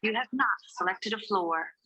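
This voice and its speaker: A woman's voice: medium pitch, very noisy, close to an everyday voice. A woman voicing a prim American elevator. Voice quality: measured, recorded-announcement delivery. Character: polite calm female elevator voice, unbending. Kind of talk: comedy sketch acting.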